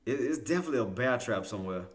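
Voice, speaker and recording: A man's voice: medium pitch, rapid-fire. A man hosting a day-trading livestream, talking through the chart live, repeating himself, restarting sentences and getting insistent. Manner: talks to himself, repeats phrases, restarts often; excited, insistent bursts. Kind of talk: live market commentary.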